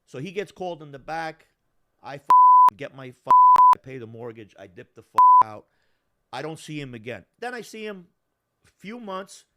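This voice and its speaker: A man telling a story in casual talk, profane and animated, acting out the voices of the people in it. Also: a little high, moderate pace. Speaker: storyteller guest.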